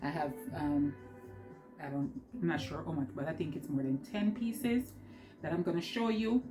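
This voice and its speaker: Chatty Jamaican woman, lowish voice. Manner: chatty, rambling, laughs often. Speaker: vlogger. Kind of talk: casual haul vlog. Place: at home, seated.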